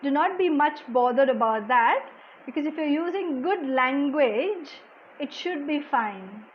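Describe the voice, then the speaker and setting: High soft-voiced indian woman teaching a live class, lots of "okay", muffled stream audio. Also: animated, unhurried, slight background noise. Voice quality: soft-spoken, low volume. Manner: explanatory, reads out viewer comments, frequent "okay". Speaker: language exam coach. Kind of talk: live-streamed lesson answering chat questions.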